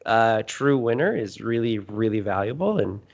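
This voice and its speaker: This man is a guest on a podcast, plainspoken as he lays out his plans for future events. His voice is somewhat low and relaxed in tone. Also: normal speed, creaky, muffled recording. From Canada. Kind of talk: casual podcast chat.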